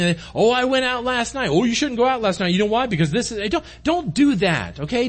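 Male pastor, high lively delivery, earnest and direct with the congregation. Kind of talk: conversational sermon. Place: church room.

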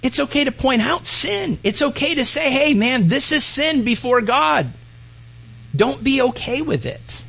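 Male pastor, sermon, husky, high voice, loud and hushed by turns. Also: expressive, measured pace, rough recording. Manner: preaching with swings between loud and hushed.

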